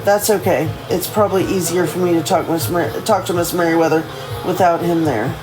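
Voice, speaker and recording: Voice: mid-range voice, steady tone, a little fast, over music, low-quality recording. A streamer reading a first-person novel aloud on a livestream, often stumbling and correcting themselves.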